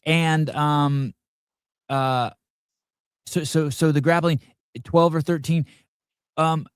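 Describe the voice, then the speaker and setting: A man's voice: fairly high pitch, steady tone, takes it slowly, clear, resonant tone, no room sound, clean studio sound. A man hosting a podcast, asking curious, short follow-up questions in a casual interview. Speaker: podcast host.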